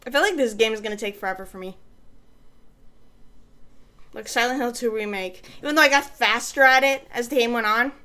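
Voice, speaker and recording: A woman streaming a game, chatting casually, rambling and swearing, with sudden loud high-pitched complaints. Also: a little fast, long pauses. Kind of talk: casual gaming stream chat.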